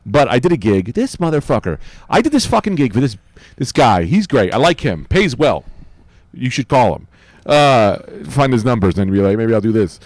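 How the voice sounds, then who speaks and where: A man's voice: medium pitch, very animated, normal speed, darkish tone, no echo. Middle-aged comedian guy riffing crude jokes on a podcast, voice bouncing all over. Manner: crude, riffing, joking storytelling. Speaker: guest comedian. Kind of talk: casual podcast chat.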